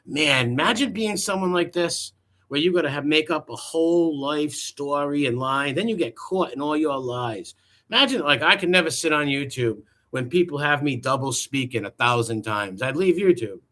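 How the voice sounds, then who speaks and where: Mocking, bright-voiced man. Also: a little high, lively intonation, normal speed. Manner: mocking, profane, incredulous. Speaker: commentary host. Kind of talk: reaction commentary.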